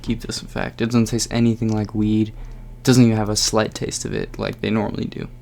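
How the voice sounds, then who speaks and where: A man's voice: fairly low pitch, level tone, a little fast, gravelly, a little mellow. A young man telling a personal story in a casual vlog, rambling with lots of fillers.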